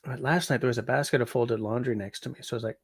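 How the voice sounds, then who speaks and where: A man from Canada in his forties hosts a casual livestream, tired and rambling, reading chat with plenty of ums. His mid-pitched voice has a gravelly grain. The sound is dry and close, with no room echo. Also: fairly even intonation, very fast. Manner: rambling, chatty, yawning, frequent ums.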